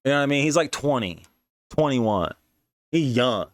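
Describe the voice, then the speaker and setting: A man with a middle-pitched voice tells a long story in loose, rambling podcast talk. He swears freely and drops slang and filler tags as he goes. The recording is dry, with little room sound. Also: lively intonation, normal speed, no echo. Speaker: podcast host. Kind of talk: casual storytelling.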